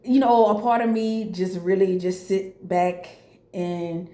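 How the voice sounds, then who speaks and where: A woman's voice: mid-range voice, slow, mellow, roomy sound. A woman from New Orleans with a New Orleans accent, talking bluntly and emphatically to camera, repeating her points. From New Orleans, Louisiana. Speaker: boutique owner vlogger. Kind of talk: casual talk to camera.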